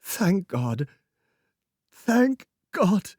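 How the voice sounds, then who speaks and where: Frantic young wife, played by a male reader: hysterical, very high cries. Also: sing-song, extremely slow, darkish tone, no room sound, clean studio sound, full character voice. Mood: gasping joy. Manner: shrieking, hysterical.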